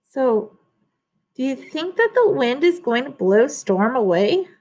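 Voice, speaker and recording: A woman reading a children's storybook aloud, pausing to explain words and ask the listeners questions. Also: sits high, big pitch swings, a little mellow.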